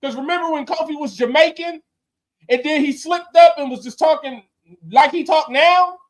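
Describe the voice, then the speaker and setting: A man co-hosting a wrestling podcast, talking in animated, slangy banter and laughing often. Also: very high voice, moderate pace. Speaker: podcast co-host. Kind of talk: casual wrestling chat.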